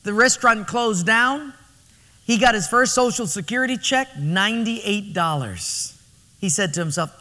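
A man preaching a sermon as pastor, telling stories in an emphatic, animated way, in a reverberant church hall. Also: sits high, measured pace.

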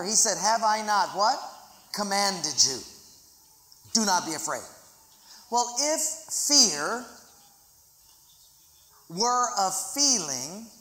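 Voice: medium pitch, bright, forceful tone. A pastor preaching a sermon in a large church auditorium, speaking dramatically and leading the congregation in reading scripture aloud. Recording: echoey hall with long reverb.

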